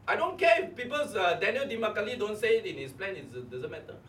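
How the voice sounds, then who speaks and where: Animated Malaysian man coaching a room. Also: sits high, quick pace, distant mic. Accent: Malaysian English. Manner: animated, fires rhetorical questions at the audience. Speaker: network marketing coach. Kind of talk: motivational seminar talk. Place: meeting room before a live audience. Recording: echoey room, voice off-mic, faint hum.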